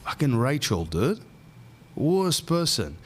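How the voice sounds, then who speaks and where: A man's voice: medium pitch, very animated, slow pace, husky. A man hosting a podcast, telling rambling stories in casual, slang-filled chat. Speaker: podcast host.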